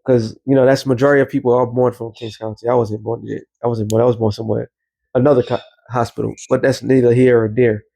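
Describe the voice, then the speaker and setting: A man's voice: mid-range voice, flat delivery, fast, gravelly, mellow. New guy rambling through a casual commentary vlog, loose street talk. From New York. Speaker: religious commentator.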